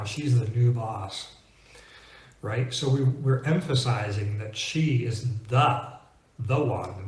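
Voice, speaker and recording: Man coaching English pronunciation, roomy echo. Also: medium pitch. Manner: clear, deliberate explanations with slowed-down example words. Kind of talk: scripted teaching monologue.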